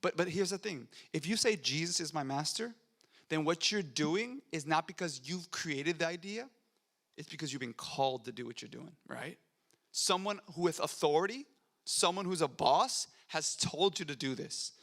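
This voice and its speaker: A man's voice: a little high, moderate pace, a bit bright. A young adult man preaching a sermon in a church, conversational and earnest, rising to fervent emphasis. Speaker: pastor. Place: church sanctuary.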